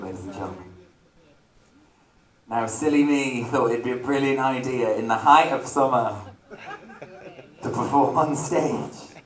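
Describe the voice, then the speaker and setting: A man doing camp, self-mocking stage banter as a drag entertainer at a holiday park venue. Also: medium pitch. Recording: echoey venue recorded from far off.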